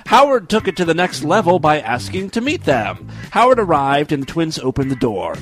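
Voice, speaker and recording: A man's voice: on the high side, big pitch swings, moderate pace, faint music behind. A man reading a crude story aloud for comedy, breaking off with sarcastic asides. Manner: sarcastic asides, laughing at the text. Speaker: comedic reader of fan stories.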